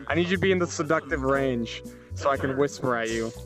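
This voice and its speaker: A young man streaming, joking and teasing loudly in a virtual chat, laughing often. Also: mid-range voice, fast talker. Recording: music playing underneath.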